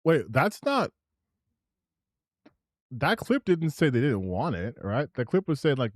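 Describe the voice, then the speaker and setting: A man's voice: mid-range voice, slow, long pauses, dry recording, studio quality. A man hosting a live stream, reacting to clips in rambling commentary full of restarts. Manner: animated and rambling, with many restarts. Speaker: streamer host.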